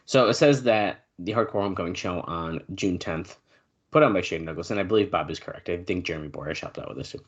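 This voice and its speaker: A man co-hosting a podcast in casual chat, reading news notes aloud with fillers and now and then clearing his throat. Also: sits low, fast talker, lo-fi sound. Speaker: podcast co-host.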